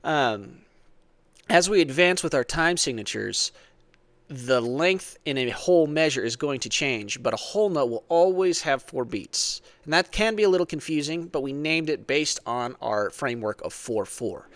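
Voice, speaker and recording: A man's voice: on the high side, expressive, moderate pace, fairly bright tone, no room sound. A man teaching a church music lesson, explaining patiently, counting beats aloud, and often asking "right?". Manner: conversational, frequent "right?".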